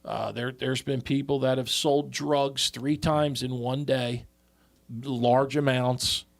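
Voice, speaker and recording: A man co-hosting a podcast in casual chat, halting and often repeating his words. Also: mid-range voice, steady tone, creaky. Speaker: podcast co-host.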